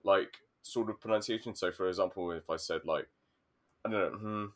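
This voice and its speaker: A man's voice: deep voice, fairly quick. A young man with a West London accent, worn down by years overseas, co-hosting a casual podcast chat. He rambles, swears and laughs often. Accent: West London English, softened by living overseas. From England. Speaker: podcast co-host.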